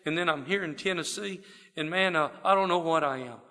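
Gravelly Texas man telling his story. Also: fairly high pitch, brisk. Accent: Southern US, Texas. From South Texas. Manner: folksy, self-deprecating, animated storytelling with quoted voices. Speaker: speaker sharing his recovery story. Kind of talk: personal storytelling talk. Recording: long hall reverb.

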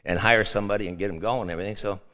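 A man's voice: lowish voice, fairly even intonation, racing, fairly bright tone. Older man telling folksy stories. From Chicago. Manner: folksy, repeats himself, says "I says". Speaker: speaker sharing at a meeting. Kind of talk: rambling personal storytelling. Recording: echoey hall reverb.

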